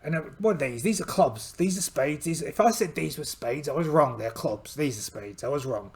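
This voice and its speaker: A man's voice: on the high side, expressive, normal speed, darkish tone, voice pushed down. A man voicing a polite, boastful one-eyed pirate captain in a solo tabletop game, theatrical and full of exclamations. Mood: hearty. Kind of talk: in-character solo game narration.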